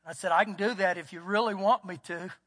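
Texan male pastor, very high pitch, folksy storyteller, preaching in a church with long reverb. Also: steady tone, brisk, a bit bright. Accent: Texas. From United States. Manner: folksy storytelling, acts out quotes. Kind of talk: sermon. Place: church sanctuary.

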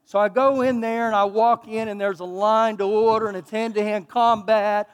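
A man with a Texan accent, a pastor preaching a sermon in an animated, folksy, self-mocking storytelling way, recorded in a church sanctuary. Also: high voice, normal speed, clear, resonant tone. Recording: long hall reverb.

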